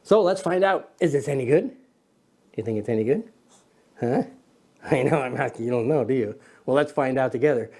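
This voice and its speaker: A man's voice: mid-range voice, animated, a little fast, mellow. A man hosting a casual camera show, joking around, teasing a little sidekick and rambling with self-corrections. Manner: playful, teasing, talks to a little buddy sidekick; loose and rambling, with many ums and self-corrections. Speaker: camera channel host.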